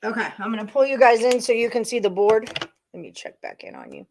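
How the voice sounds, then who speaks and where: A woman's voice: on the high side, huge pitch swings, fast talker, gravelly, darkish tone, a little hiss or hum. A woman hosting a live sports betting stream, chatting casually and thinking aloud to her viewers as she goes through picks. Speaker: sports betting show host.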